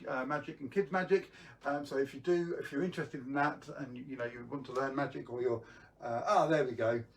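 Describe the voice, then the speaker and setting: A man's voice: medium pitch, recorded from a distance, a little hiss or hum. A man hosting a live magic stream, chatting casually to viewers with lots of ums and restarts.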